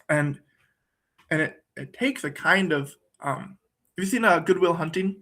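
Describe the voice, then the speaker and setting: A man's voice: on the high side, lively intonation, moderate pace, pauses often, sharp tone. A man talking in a thoughtful, conversational way, often repeating words while he searches for them. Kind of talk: reflective conversational talk.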